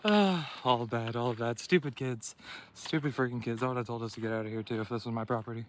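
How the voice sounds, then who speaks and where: A man rambles casually to his phone while hiking a hillside trail, dropping slang every few words. His voice sits in a middle register. Steady outdoor noise runs under the recording. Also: mid-range voice, brisk. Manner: rambling and laid-back, full of slang like "dude". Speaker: vlogger.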